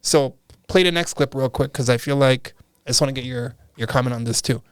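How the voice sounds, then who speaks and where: Brief: male podcast co-host, smooth and resonant, dry close mic, animated casual chat. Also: mid-range voice, fairly quick, no room sound. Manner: animated, jumps in, acts out quotes.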